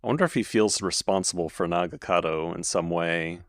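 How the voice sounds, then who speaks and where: Deep-voiced man recapping a show. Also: fairly quick, no echo, studio quality. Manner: relaxed, recaps scenes with quoted lines. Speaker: podcast co-host. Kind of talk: casual TV recap chat.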